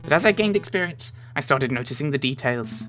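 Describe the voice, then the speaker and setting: Guy doing an eager young sparrow lawyer, swoopy lively voice, soft music behind. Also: mid-range voice, fairly quick, voice pushed up, natural voice. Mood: earnest. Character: earnest young male sparrow assistant lawyer.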